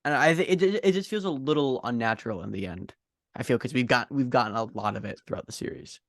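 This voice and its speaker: A man's voice: mid-range voice, vocal fry, dry recording. A man from the United States co-hosting a casual podcast chat, often restarting his sentences and teasing dryly. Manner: halting restarts, dry teasing. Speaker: podcast co-host.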